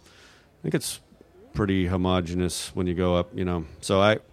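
A man's voice: low voice, steady tone, moderate pace, clean tone. A man from New Mexico answering audience questions in a rambling, unscripted way, hesitating and restarting often. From New Mexico, USA. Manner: hesitant, full of fillers and restarts. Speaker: guest at audience Q&A.

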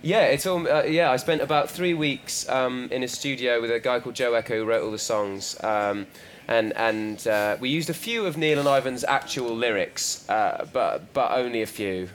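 A man's voice: medium pitch, moderate pace, few pauses, fairly bright tone. A man, an actor, answering questions at a live panel, hesitant and self-deprecating, with frequent restarts. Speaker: actor and film star. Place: live panel event in a store.

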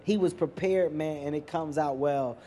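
A man from Philadelphia, a comedian, telling animated, emphatic stories at a live Q&A on a handheld mic. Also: on the high side, moderate pace, slight background noise. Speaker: comedian guest. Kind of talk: moderated Q&A discussion. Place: live venue with audience.

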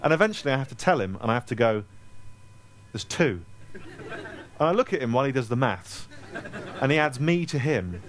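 A man, telling comic anecdotes to a live audience at a store event in a self-deprecating, animated way. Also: medium pitch, fast talker, a little hiss or hum. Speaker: author speaking at a store event.

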